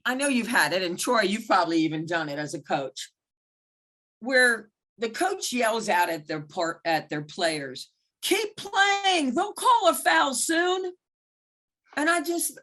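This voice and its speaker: During a mentoring talk, a female basketball referee shares candid stories, acting out remembered exchanges with big jumps in pitch. She's animated, blunt and frank, and swears mildly now and then.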